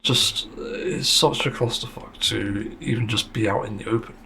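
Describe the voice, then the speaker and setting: A man with a low-pitched, gravelly voice talks through a casual solo podcast monologue. He speaks bluntly and swears freely, and slips into sarcasm now and then. Faint ambient noise sits behind him. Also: steady tone, normal speed, sharp tone. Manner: blunt and sweary, with a frank complaining tone; sarcastic at times. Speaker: podcast host.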